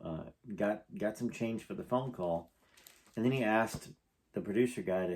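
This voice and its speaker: A man's voice: fairly low pitch, moderate pace, pauses often, darkish tone, a little hiss or hum. A man reading a memoir aloud and breaking off into rambling, emotional, conversational asides.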